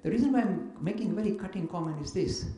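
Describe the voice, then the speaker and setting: Male speaker, higher voice, mellow tone, lively lecturer, echoey hall. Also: quick pace. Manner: animated storyteller, mimics others in dialogue. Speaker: invited speaker answering questions. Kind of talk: lively lecture with acted anecdotes. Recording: echoey room with faint noise.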